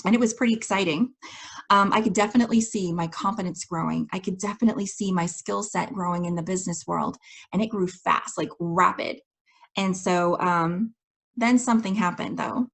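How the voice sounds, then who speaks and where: A woman coach telling a personal story in an enthusiastic, expressive way, laughing often and acting out her past conversations. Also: fairly low pitch, brisk, gravelly, slightly rough. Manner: acts out her own past dialogue. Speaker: life coach.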